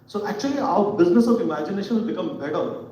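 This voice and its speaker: A man's voice: high-pitched, animated, fast talker, warm tone. A man, a panelist from advertising, sharing thoughtful personal reflections. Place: event hall on stage. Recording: echoey hall from far off, dull sound.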